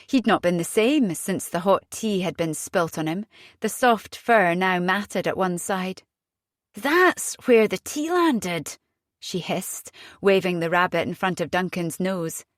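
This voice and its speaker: A woman narrating a thriller audiobook in a steady, measured reading. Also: lowish voice, dry recording, studio quality. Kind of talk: scripted narration.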